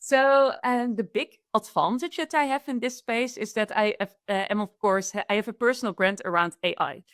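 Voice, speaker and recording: A woman with a Dutch accent speaks in a fairly high voice, eager and quick to restart her sentences as she explains things. The sound is dry and close, with almost no room echo. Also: a bit bright. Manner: enthusiastic, restarts often. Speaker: guest, AI consultant. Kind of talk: conversational interview.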